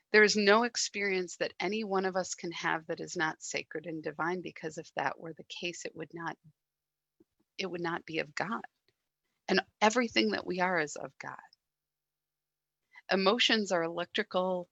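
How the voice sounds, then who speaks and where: A woman giving a reflective sermon, speaking gently with soft pauses and quiet moments. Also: fairly low pitch, creaky, dry recording. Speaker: guest speaker at a church service.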